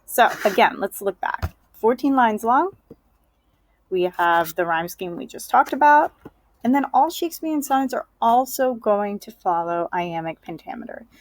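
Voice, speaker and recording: A woman teaching a lesson on poetry, explaining step by step in a patient way and checking in with the listener often. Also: medium pitch. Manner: patient, checks in with okay and right.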